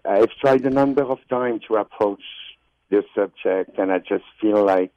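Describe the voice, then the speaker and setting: A man with a French accent phones in to a radio show, his voice low and muffled by the line. He talks haltingly, pausing as he searches for words. The sound is dry and close. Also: no room sound. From France. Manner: hesitant, halting with pauses. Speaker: radio caller.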